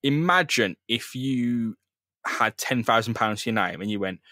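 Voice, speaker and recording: A man's voice: medium pitch, animated, moderate pace, sharp tone, dry recording, studio quality. Sweary man recapping comics. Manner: loose, sweary storytelling that acts out characters' lines. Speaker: podcast co-host. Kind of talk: casual comic chat recapping a comic.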